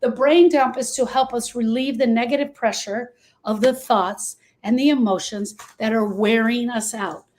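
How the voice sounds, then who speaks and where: Woman grief coach, live teaching talk; emphatic and direct with listeners, a bit high-pitched, roomy echo. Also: normal speed, darkish tone.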